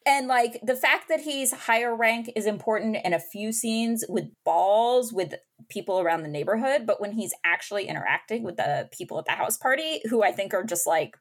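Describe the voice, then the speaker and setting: Woman with a lively, varied voice. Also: fairly high pitch, normal speed, few pauses. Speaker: podcast co-host. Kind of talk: casual book discussion.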